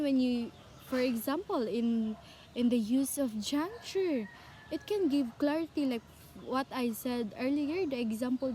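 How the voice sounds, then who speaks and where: Young woman teacher, Cebuano accent, unhurried, repetitive online lecture, faint hiss behind. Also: high-pitched, a little mellow. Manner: repetitive, self-correcting, asks the class questions.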